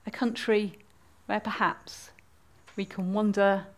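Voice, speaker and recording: A woman's voice: mid-range voice, level tone, takes it slowly. A woman speaking at a church service, telling a story in a friendly way and inviting the audience to join in.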